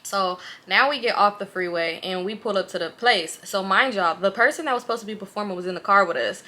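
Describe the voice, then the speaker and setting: Young woman, bright voice, animated storytime vlog, slangy, swears freely, talks straight to the viewers. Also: medium pitch, a little fast. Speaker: vlogger. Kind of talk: casual storytime.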